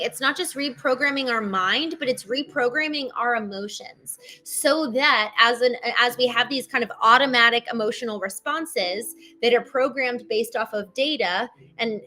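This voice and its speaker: A woman's voice: fairly high pitch, bright, forceful tone. A woman hosting a solo talk show, speaking earnestly and conversationally, often addressing her listeners directly. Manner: earnest, conversational, with many restarts and asides to listeners. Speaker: host.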